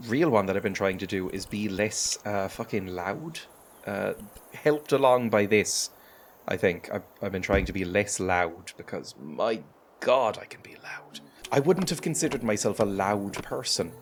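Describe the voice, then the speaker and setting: Irish guy rambling over his game, lowish voice, laughs a lot, swears a bit, faint music behind. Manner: chatty, self-deprecating, laughs often; swears casually. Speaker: gaming streamer. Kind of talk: casual chat over gameplay.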